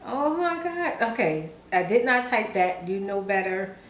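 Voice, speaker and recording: A woman's voice: medium pitch, very animated, measured pace, roomy sound, a little hiss or hum, low-quality recording. A woman vlogger who chats casually and giggles often while reading fan messages aloud, sounding sleepy. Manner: chatty, giggly, self-teasing. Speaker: ASMR vlogger.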